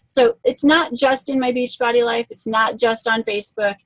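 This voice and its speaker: A woman's voice: fairly high pitch, fairly even intonation, normal speed, no room sound, poor audio. A woman speaking as a guest on a group call, telling stories in an earnest, conversational way to motivate her listeners. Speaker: guest speaker and fitness coach.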